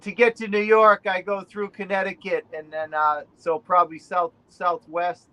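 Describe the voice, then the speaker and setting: A man's voice: high voice, flat delivery, normal speed, bright, forceful tone, rough recording. A man with a Boston accent, chatting as a guest on a video call, rambling with plenty of fillers. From Rhode Island. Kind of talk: casual chat on a video call.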